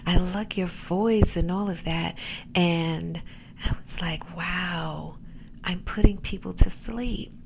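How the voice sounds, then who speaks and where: Calm soft-voiced lady coach doing a chill pep talk podcast, kinda low and gravelly. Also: slow, slight background noise. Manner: faith-based encouragement. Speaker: podcast host and accountability coach. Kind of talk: casual motivational pep talk.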